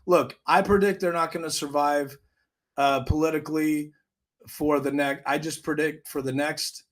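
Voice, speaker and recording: A man's voice: on the high side, fairly even intonation, normal speed. A man hosting his own podcast, delivering heated, emphatic political commentary. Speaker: podcast host.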